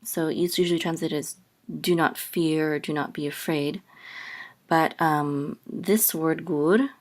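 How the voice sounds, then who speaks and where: A woman teaching a lesson step by step, pausing often with ums and sometimes singing out syllables. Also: low-pitched. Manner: sings out chanted syllables, many ums and restarts. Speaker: Hebrew teacher.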